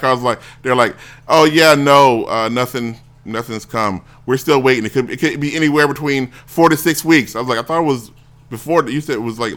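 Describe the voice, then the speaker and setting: Male talk show host, bright edge, rambles and restarts while telling stories. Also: mid-range voice. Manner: rambling, self-interrupting, acts out quoted voices. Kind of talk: casual storytelling on a talk show.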